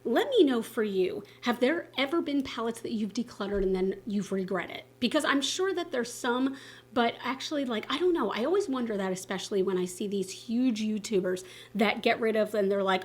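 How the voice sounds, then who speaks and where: Woman, beauty vlogger, casual chat to camera, fairly high voice, expressive, candid, lots of fillers. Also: fairly quick. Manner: chatty and expressive, with frequent fillers and self-corrections; enthusiastic and candid, swearing casually. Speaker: beauty YouTuber.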